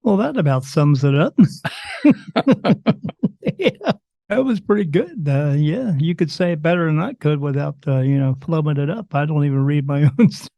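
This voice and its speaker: A man's voice: on the high side, expressive, moderate pace, vocal fry, dark tone, dry recording. A man in his fifties, a guest on a podcast interview, talking in a rambling way with many restarts. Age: 50s. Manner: rambling, restarts and repeats himself. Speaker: guest, spirit medium.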